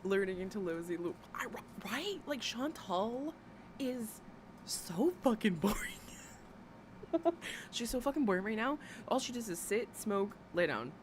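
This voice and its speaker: A woman's voice: medium pitch, animated, measured pace. A woman hosting a livestream, ranting and gossiping bluntly and sarcastically with lots of swearing. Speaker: livestream host. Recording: noisy background.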